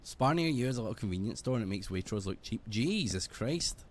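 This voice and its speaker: A British man rambles through a casual game-stream chat, swearing freely. His pitch rises and falls constantly as he talks. There is a faint hiss of noise behind him. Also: lively intonation, fairly quick.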